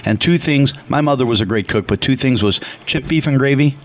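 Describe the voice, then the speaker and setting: A man from Chicago co-hosting a radio talk show, telling a story loudly and animatedly, with acted voices. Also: medium pitch, fairly quick. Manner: loud and animated; passionate, retells dialogue with acted voices. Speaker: radio co-host.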